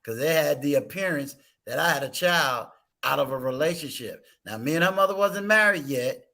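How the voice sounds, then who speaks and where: A man's voice: a little high, expressive, normal speed, sharp tone. A man hosting a casual talk stream, telling a personal story with emphatic rhetorical questions. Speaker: host.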